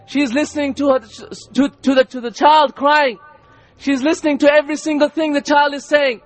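A male preacher giving an impassioned sermon, repeating lines and rising to shouts. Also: very high voice, flat delivery, a little fast, some chatter behind.

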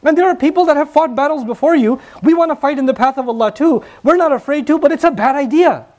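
A man voicing stern older companions who rebuke younger men with sharp rhetorical questions. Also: extremely high pitch, fast, voice pushed up. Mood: scolding.

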